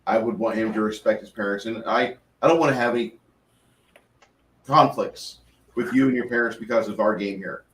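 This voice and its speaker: A man's voice: on the low side, moderate pace, a bit bright, slight background noise. Man, game master, earnest rambling chat, echoey room, distant mic. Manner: rambling, earnest, restarts often. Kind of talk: casual chat after a tabletop game.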